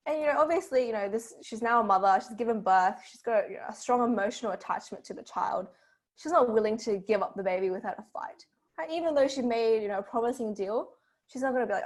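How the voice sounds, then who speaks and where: An Australian woman tutor retells a fairy tale to her class in a relaxed, conversational way. Her voice sits a little high, and she keeps checking in with "right?" while dropping plenty of "you know" along the way. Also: quick pace. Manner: chatty, many fillers and rhetorical "right?".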